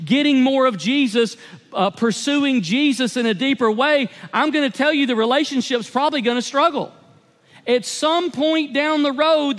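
A man's voice: very high-pitched, a bit bright, big-room sound. A man preaching a sermon as pastor, conversational and emphatic, with repeated phrases.

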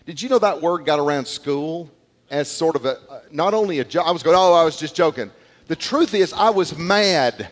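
A middle-aged male pastor preaching a sermon in church, telling stories in an animated way, repeating words and acting out quotes. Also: on the high side, normal speed. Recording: long hall reverb.

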